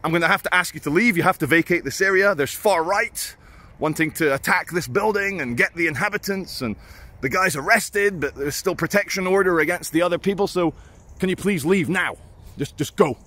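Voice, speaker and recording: A man's voice: high-pitched, fairly quick, sharp tone, voice pushed up. A man voicing a stern female police officer who orders someone to leave in a curt, commanding way.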